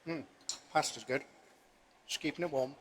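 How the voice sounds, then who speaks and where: A man's voice: on the high side, steady tone, normal speed, fairly bright tone, slight background noise. A young man telling a rambling story while cooking on a stream, full of fillers. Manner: rambling, filler-heavy, swears casually.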